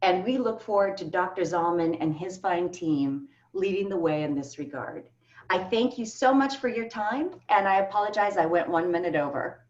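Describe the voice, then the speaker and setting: A keynote speaker fields panel questions on a video call, answering with earnestness and emphasis. She speaks at a normal speed in a lowish, slightly mellow voice, and the audio comes through echoey, distant, and dull.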